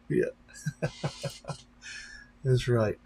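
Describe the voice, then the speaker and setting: A man, a pastor, chatting casually on a live stream, rambling and talking straight to his viewers. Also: fairly bright tone. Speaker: pastor and drone-racing streamer.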